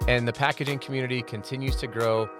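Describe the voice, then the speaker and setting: A man's voice: mid-range voice, fairly even intonation, fast, over music. A man hosting a casual podcast interview, chatty and upbeat, with a joking manner. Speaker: podcast host.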